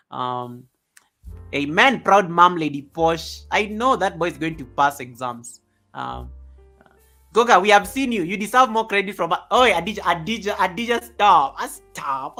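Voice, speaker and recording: A man hosting a casual live stream at home, reading viewer comments aloud in an animated way, often chuckling, speaking into a desk microphone. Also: high-pitched. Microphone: USB desk microphone.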